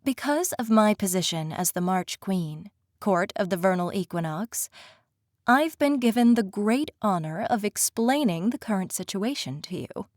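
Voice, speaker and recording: A composed fae queen , voiced by a woman reading an audiobook, speaks with measured, courtly formality. Her voice sits in a middle register. The sound is close and dry, with no room around it. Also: mid-range voice, animated, no echo, lightly acted. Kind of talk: audiobook character voice.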